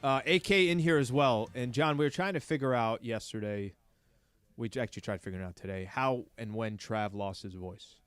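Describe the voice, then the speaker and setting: A man's voice: mid-range voice, brisk, clean tone, no echo. A male co-host on sports talk radio, talking in a rambling, playfully teasing way.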